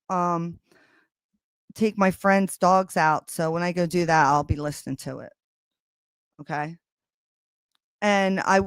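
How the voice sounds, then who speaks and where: Loud, animated woman chatting on a livestream. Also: mid-range voice, smooth, no echo. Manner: loud and animated when excited; swears casually. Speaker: livestream host. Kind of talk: casual livestream chat with viewers. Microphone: streaming microphone.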